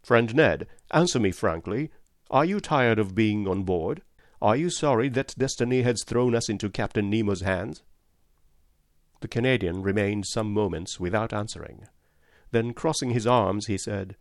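A man reading a novel aloud as narrator, in a measured, deliberate manner. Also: fairly low pitch, no echo, clean studio sound. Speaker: audiobook narrator. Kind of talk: scripted narration.

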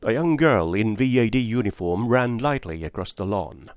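Man narrating an audiobook, lively. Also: on the low side, dry recording, studio quality. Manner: measured storytelling.

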